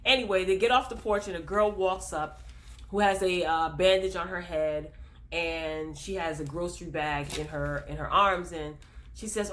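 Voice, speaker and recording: A woman hosts a casual recap of a TV episode and talks straight to her audience. She retells the scenes in a loose, chatty way, full of "you know" and "like". Her voice sits a little low for a woman. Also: moderate pace, a bit bright, a little hiss or hum. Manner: addresses viewers directly. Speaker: YouTube TV recap host.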